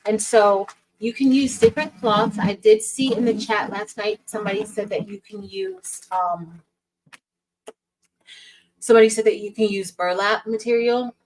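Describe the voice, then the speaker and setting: A woman's voice: mid-range voice, fairly even intonation, moderate pace, poor audio. A woman hosting a casual craft livestream, greeting viewers by name in an upbeat, chatty way.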